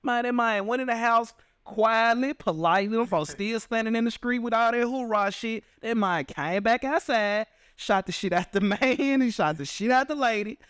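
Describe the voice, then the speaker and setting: High, smooth-voiced man. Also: normal speed, hardly any pauses, fairly bright tone, dry recording, studio quality. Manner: loose, profane, laughs between thoughts. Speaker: podcast co-host. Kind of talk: casual podcast chat.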